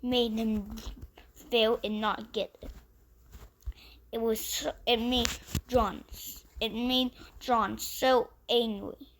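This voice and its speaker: A woman's voice: fairly high pitch, fairly even intonation, slow, slight background noise. A woman telling an improvised story in a rambling, run-on way, restarting sentences often.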